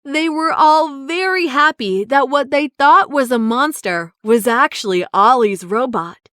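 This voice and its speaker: A woman narrating a children's story in a slow, clear storytelling way. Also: sits high, lively intonation, a bit bright, no room sound, clean studio sound.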